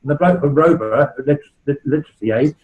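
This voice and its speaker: Fast and a little high, this man's voice comes through narrow, tinny audio. He's a West Country charity founder in his sixties speaking informally to a club, telling stories in a chatty way and checking in with "right?".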